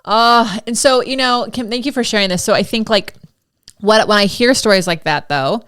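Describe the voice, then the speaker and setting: A woman's voice: fairly high pitch, normal speed, fairly bright tone, clean tone. A woman in her forties hosting a podcast, talking candidly and casually, laughing easily. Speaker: podcast host, Pilates instructor. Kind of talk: casual conversational interview.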